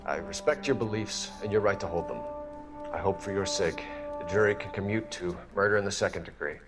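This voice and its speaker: Stiff by-the-book cop, deep voice. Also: male voice, a little fast, over music. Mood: stern. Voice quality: clipped, formal. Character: stern, rigid young male 1940s police detective. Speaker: police detective.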